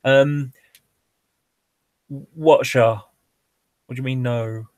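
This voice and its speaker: A man's voice: medium pitch, fairly even intonation, extremely slow, a little mellow, no echo. A man talking casually as a guest, explaining how airliners work in a chatty, rambling way full of fillers and restarts. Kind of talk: casual livestream chat.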